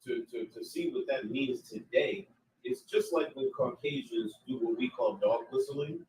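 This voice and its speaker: A man's voice: medium pitch, huge pitch swings, normal speed, background noise. A man in a bible class answering a question and explaining his point with examples. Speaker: class participant. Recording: echoey room.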